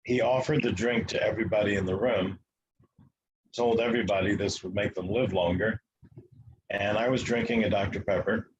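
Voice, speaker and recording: A man from the United States, a guest telling a long story in an interview, matter-of-fact and halting with fillers. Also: lowish voice, steady tone, lo-fi sound, slight background noise.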